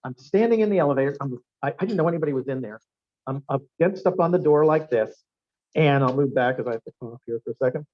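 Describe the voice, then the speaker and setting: A man's voice: mid-range voice, fast. Brief: male keynote speaker, upbeat storyteller, lo-fi restaurant event recording. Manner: animated storyteller, quizzes the audience with questions. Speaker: guest speaker. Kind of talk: anecdotal seminar talk. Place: restaurant function room. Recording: dull lo-fi room recording.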